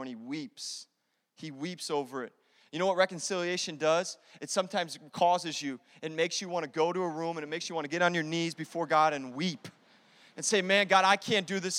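A young adult man preaching a sermon as pastor, animated, moving between loud declarations and hushed, intimate asides. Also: fairly high pitch, a little fast, big-room sound.

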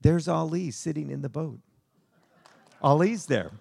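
A man preaching a sermon to a congregation, telling a story in an animated, conversational way. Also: fairly high pitch, unhurried, gravelly, slightly rough. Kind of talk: sermon with slide show.

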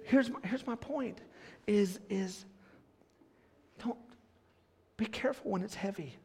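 High gravelly preacher, hushed to shouting. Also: male voice, slow pace. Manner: swings from hushed to shouting, laughs with the congregation. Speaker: pastor. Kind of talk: sermon. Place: church sanctuary.

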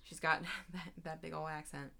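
A woman's voice: low-pitched, flat delivery, normal speed, vocal fry, sharp tone. A young woman co-hosting a podcast, chatting casually with frequent fillers and laughs. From Baltimore area, USA. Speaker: podcast co-host. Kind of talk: casual chat.

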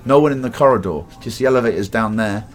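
With a medium-pitched voice and a fast pace, an Englishman with an English accent shares a meandering story from his life as a guest. He swears casually and performs the other characters' lines.

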